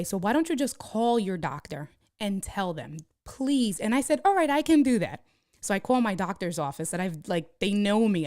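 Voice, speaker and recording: A young woman streaming live tells a story in a casual, lively way. Her New comes through, and her voice leaps higher whenever she acts out what someone said. Her pitch sits in the middle for a woman. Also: no room sound, studio quality. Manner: animated, acts out quoted voices with jumps in pitch.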